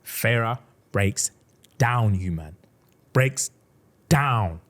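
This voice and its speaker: Speaking very slowly in a voice on the low side, a young man on a podcast walks through a book plot in relaxed conversation. He tells it with animation, voicing each character's lines loudly.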